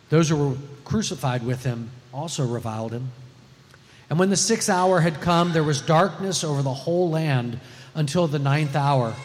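A man giving a measured, solemn scripture reading during a church service. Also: a little high, a little mellow, in a large hall. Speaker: scripture reader.

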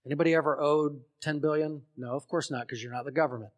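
Male preacher, fairly high voice, dramatic storyteller who acts out parables and quizzes the room. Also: steady tone, quick pace. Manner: storytelling, acts out parable voices with big swings from shouts to hushed tones; asks the congregation questions. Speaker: pastor. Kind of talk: sermon.

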